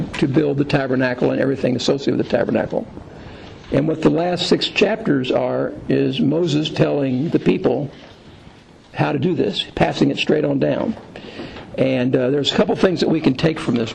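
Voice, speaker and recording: Gravelly man teaching a Bible lesson. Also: fairly high pitch, darkish tone, slight background noise, rough recording. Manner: halting, many fillers and restarts, thinking aloud. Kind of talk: unscripted Bible lesson with scripture reading.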